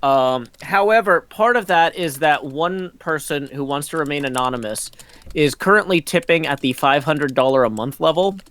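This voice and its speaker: A man's voice: a little high, moderate pace, fairly bright tone, dry recording. Rambling man on a call. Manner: rambling, frequent ums, breaks into laughs. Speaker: host of a community meeting. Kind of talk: casual meeting chat. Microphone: computer mic on a voice call.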